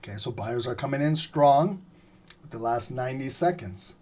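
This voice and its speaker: A man giving live trading commentary, explaining steadily and often clearing his throat as he says he is losing his voice. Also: medium pitch, moderate pace. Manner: steady explanatory, repeats "remember" and "right?". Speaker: trading streamer.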